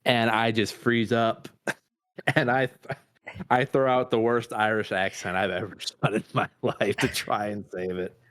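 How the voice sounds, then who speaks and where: A man's voice: fairly low pitch, little pitch movement, a little slow, a bit bright. A man in his thirties, a podcast co-host and dad, telling a rambling self-deprecating story with restarts and swearing. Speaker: improv performer and dad. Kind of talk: casual storytelling chat.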